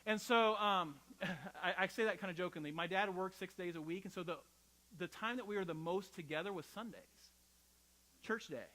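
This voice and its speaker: A middle-aged man preaching like he's talking with friends, personal and unpolished, tossing in "right?" to keep the room with him. His voice is bright and forward and sits a touch high for a man. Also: normal speed, rough recording. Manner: conversational, personal storytelling with frequent "right?". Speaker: pastor. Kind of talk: sermon.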